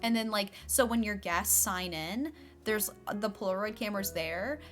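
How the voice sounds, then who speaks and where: A woman's voice: medium pitch, moderate pace, fairly bright tone, soft background music. Chatty young woman streamer. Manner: chatty, fills speech with "like". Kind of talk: casual chat while playing a game.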